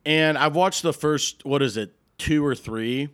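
A man's voice: on the high side, a little slow, fairly bright tone, clear, resonant tone. A man hosting a casual podcast chat, joking and rambling with frequent restarts. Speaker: podcast host.

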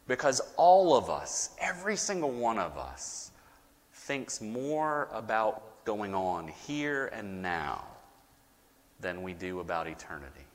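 A man preaching a sermon as pastor, with dramatic pauses and rising, emphatic repetition. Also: lowish voice, big pitch swings, in a large hall.

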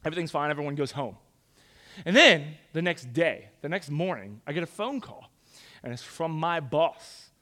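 A young man telling a story to a crowd in a lively, casual, conversational way. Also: fairly high pitch, moderate pace. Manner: animated, conversational, casual slang. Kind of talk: storytelling talk.

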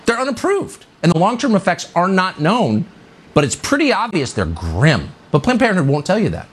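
A man's voice: high-pitched, wildly swooping pitch, moderate pace, husky. Indignant male commentary host. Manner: sarcastic, indignant, emphatic delivery. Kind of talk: opinion monologue.

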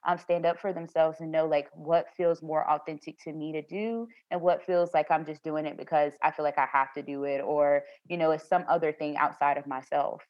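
A woman's voice: low-pitched, steady tone, fairly quick, few pauses, a little mellow, dry recording. A woman guest telling about an experience in an earnest, affirming way. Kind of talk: conversational storytelling. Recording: dry, slightly dull sound.

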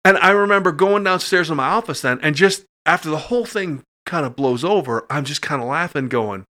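A middle-aged man, a podcast guest, telling a personal story in casual talk and acting out the voices when he gets excited. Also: on the high side, fairly quick.

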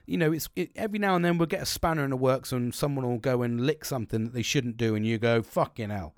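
A man's voice: mid-range voice, quick pace, no room sound, clean studio sound. Blunt, swearing British man. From Britain. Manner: rambling, heavy swearing, blunt. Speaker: podcast co-host. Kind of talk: casual chat.

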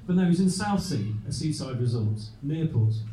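A man's voice: a little high, lively intonation, fairly quick, mellow. A man hosting a live show, chatting as he reads facts from his notes. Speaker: host. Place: live venue. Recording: echoey room, from far off with faint noise.

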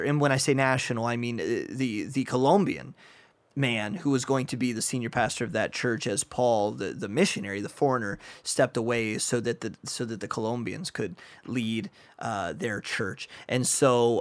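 A man who is a pastor and missionary, hosting a podcast in an enthusiastic, friendly way, with frequent fillers. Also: medium pitch. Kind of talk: casual podcast interview.

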